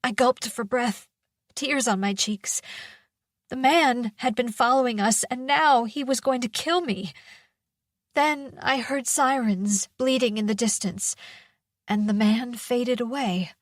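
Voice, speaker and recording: Slow, measured woman narrating a thriller. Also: on the high side, no echo, clean studio sound. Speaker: audiobook narrator. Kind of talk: first-person thriller audiobook narration.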